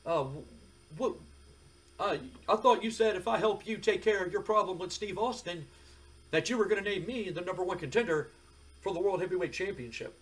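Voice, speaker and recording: A man voicing a frustrated young male wrestler who talks about himself in the third person, with a husky voice. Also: high-pitched, normal speed, pitched above the performer's own voice, natural voice, poor audio.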